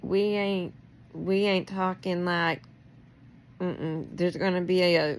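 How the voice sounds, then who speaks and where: A woman's voice: lowish voice, vocal fry. A middle-aged woman in a rambling, emotional personal monologue, confronting someone directly and laughing through her anger.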